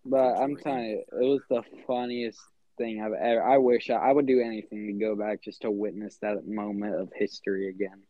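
A man's voice: on the low side, fairly even intonation, brisk, no room sound, phone-quality sound. A man co-hosting a casual podcast chat, telling stories animatedly and tagging his lines with "okay?". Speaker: podcast co-host.

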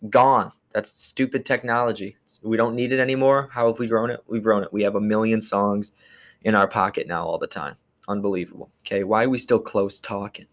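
Joking man rambling on a podcast. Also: on the low side. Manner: jokey, rambling, laughs while talking. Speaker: podcast host. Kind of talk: casual monologue. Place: gym.

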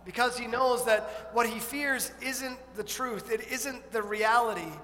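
A pastor with a high, bright voice preaches to his congregation, telling stories with lively expression. The sound rings with a long hall reverb, and a faint hum of room ambience sits behind him. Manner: animated storytelling, acting out a scared child. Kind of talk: sermon. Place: church.

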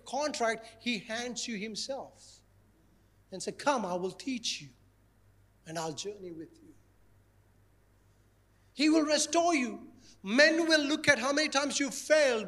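A male pastor preaching a sermon in an animated, playful way, repeating his key phrases. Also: extremely high pitch.

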